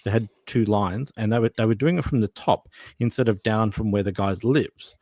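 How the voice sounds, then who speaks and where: A man hosts a casual call, his somewhat low voice dry and close to the mic. He is chatty and questioning, stumbling over and repeating words as he goes. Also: normal speed, darkish tone, dry recording. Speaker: host of live online chat. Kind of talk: casual chat hosting.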